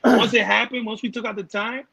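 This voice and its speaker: Raspy high-voiced man, laid-back chat. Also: flat delivery, fairly quick, pushed and bright, low-quality recording. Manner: laid-back, agreeable, mixes in Spanish. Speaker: guest singer. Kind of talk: casual chat.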